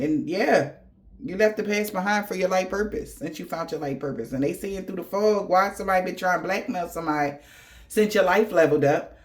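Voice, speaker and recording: A man gives a casual spiritual reading. He talks in a loose, slangy, profane way. He laughs often as he spins stories. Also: sits high. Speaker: tarot reader.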